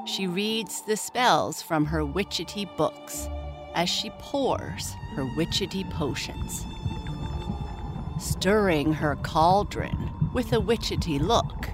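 A woman hosting a podcast, narrating a bedtime story in a calm, gentle, soothing manner. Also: low-pitched, slow. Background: soft music.

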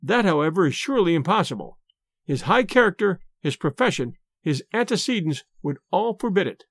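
Agitated middle-aged landlady, played by a male reader; high, swooping, dry audiobook sound. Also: big pitch swings, a little fast, a bit bright, no echo, heavily acted. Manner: anxious, earnest pleading. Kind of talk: audiobook reading.

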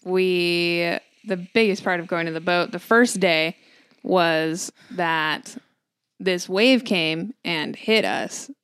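A young woman co-hosts a podcast with a smooth, resonant voice that sits a little low for a woman. She tells things in a relaxed, rambling way full of fillers. Her voice comes across dry and close, with no room sound around it. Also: slow pace, no echo. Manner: laid-back, dry reactions, trailing filler-heavy phrasing. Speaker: podcast co-host. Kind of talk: casual chat.

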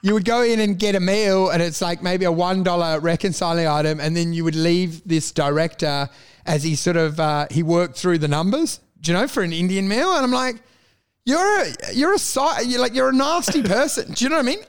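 Smooth-voiced man telling stories. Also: sits high, fairly quick. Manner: rambling storyteller, swearing, laughing. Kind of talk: casual banter.

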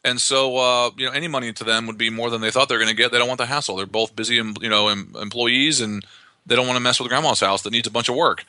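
Male real estate investor guest, quick, sharp-toned, rambling explainer. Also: mid-range voice, clear, resonant tone, dry recording. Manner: fast, animated explainer with frequent restarts. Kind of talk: conversational podcast interview.

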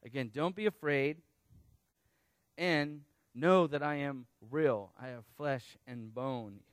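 A man preaching a sermon, teaching through a Bible passage in a conversational, animated way with casual asides. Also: mid-range voice, slow pace, clean tone, dry recording. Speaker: pastor.

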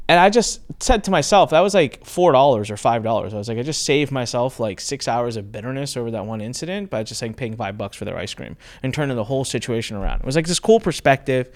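A man's voice: medium pitch, animated, brisk. Middle-aged man hosting, earnest storyteller. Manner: earnest storytelling, asks probing questions. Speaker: podcast host. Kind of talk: interview conversation.

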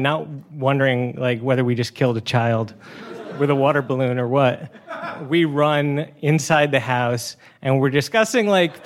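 Young man telling a comic story on stage. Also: mid-range voice. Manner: chatty, many "uh" and "like" fillers, laughing through the story. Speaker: storytelling contestant. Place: stage before a live audience.

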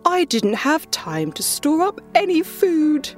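A woman's voice: sits high, big pitch swings, slow pace, soft background music, voice pushed up, heavily acted. A woman voicing a lazy male grasshopper musician in a storybook, whining.

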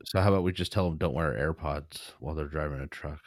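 Deep-voiced teasing man. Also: fast, no echo, studio quality. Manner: teasing, wisecracking. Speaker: podcast co-host. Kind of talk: joking casual chat.

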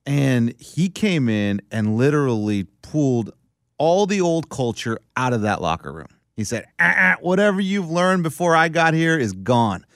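Animated ranting man from South Texas. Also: mid-range voice, normal speed, dry recording, clean studio sound. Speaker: podcast co-host. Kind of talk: casual sports chat.

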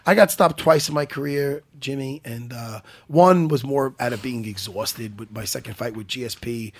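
A man hosting a podcast as a former fighter, in casual chat that is loud, profane and teasing. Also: medium pitch, normal speed, no room sound, clean studio sound.

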